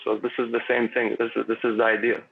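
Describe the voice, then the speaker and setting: A man's voice: mid-range voice, completely flat delivery, quick pace, husky. A man chatting as a podcast guest, rambling and philosophical, with lots of fillers and restarts. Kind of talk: casual conversation. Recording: tinny phone-like line.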